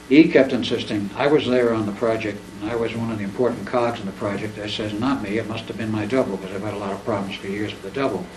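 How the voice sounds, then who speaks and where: A man with a lowish voice talks at a quick pace, telling a long, rambling personal story in a living-room chat. He's animated and acts out the quoted dialogue, picked up by a distant mic in a roomy space with faint background noise.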